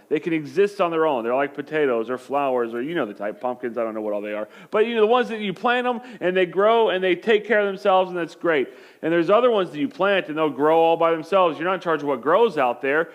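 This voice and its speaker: A male pastor in his thirties giving a conversational sermon, telling humorous stories. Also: fairly high pitch.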